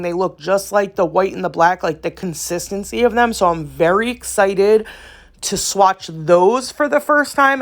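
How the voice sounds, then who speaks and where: A woman hosting a nail art channel, telling stories in a rambling, chatty voiceover, laughing often and calling her viewers y'all. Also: medium pitch. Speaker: nail art YouTuber and host.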